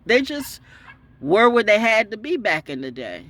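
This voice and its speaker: Lively, profane woman ranting off the cuff. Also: normal speed, no room sound. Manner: profane, swinging from loud highs to low mutters. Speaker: online storyteller and broadcaster. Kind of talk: unscripted ranting monologue.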